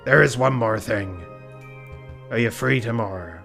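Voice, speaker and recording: A man voicing a stern male rooster police inspector with a pirate voice, speaking slowly and gravely. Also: on the low side, a bit bright, faint music behind.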